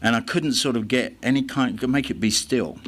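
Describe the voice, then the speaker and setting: Halting English man telling his recovery story. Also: medium pitch, a bit bright, a little hiss or hum. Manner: halting, many restarts and fillers. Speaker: recovery meeting speaker.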